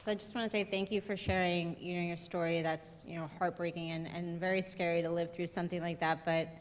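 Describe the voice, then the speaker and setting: A woman speaker at a conference, talking gently and reflectively with many fillers. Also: fairly low pitch, flat delivery, fast talker. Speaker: panel speaker. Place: large theater. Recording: reverberant theater hall with faint noise.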